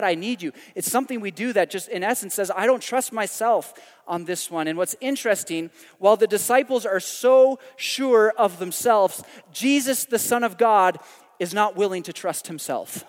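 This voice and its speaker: A man preaching a sermon, animated and emphatic, swinging between loud climaxes and quiet, hushed drops. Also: high voice, normal speed, long reverb tail. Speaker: pastor.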